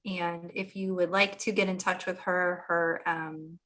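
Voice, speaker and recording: A woman's voice: lowish voice, little pitch movement, measured pace, fairly bright tone. A woman moderating an online symposium, friendly, thanking one speaker and reading the next one's introduction. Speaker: event moderator. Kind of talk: hosting a webinar.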